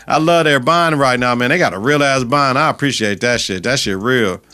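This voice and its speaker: Male podcast host, mid-pitched, loose and profane, animated recap delivery. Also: normal speed, clean tone. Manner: animated and profane, acts out scenes. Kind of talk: casual TV episode recap.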